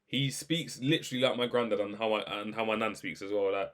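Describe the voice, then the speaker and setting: Animated young guy ranting. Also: on the low side, brisk. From England. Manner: animated, ranting, asks exclamatory questions. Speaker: video reaction host. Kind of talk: casual reaction commentary.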